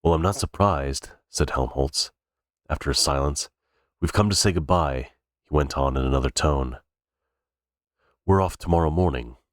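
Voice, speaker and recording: A man's voice: a bass voice, normal speed, dry recording, studio quality. A man reading a novel aloud unrehearsed, stumbling and restarting words now and then. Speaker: reader. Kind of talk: cold-read audiobook narration.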